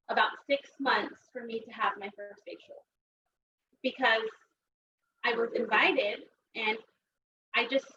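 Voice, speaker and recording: A woman speaks to a seminar crowd, rambling through her story with plenty of fillers. Her voice sits a little high. She is recorded from across the room, and the sound comes through muffled under steady background noise. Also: roomy sound. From Texas. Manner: chatty, rambling, many fillers. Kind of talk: personal story talk. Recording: distant, dull, noisy room recording.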